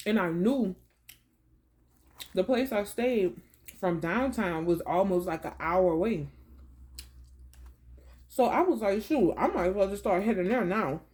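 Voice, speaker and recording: A woman chats casually to camera in a storytelling vlog. She talks in a relaxed, slangy way, calling her viewers baby and y'all. She eats her meal between stories. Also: mid-range voice, moderate pace, pauses often. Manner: eating while talking. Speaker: vlogger.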